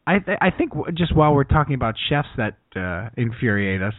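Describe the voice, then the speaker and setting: A man's voice: mid-range voice, very animated, fairly quick, no echo. A man co-hosting a comedy podcast, riffing in casual banter and laughing often. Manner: giggly, riffing. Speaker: podcast co-host. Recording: dry, phone-like sound.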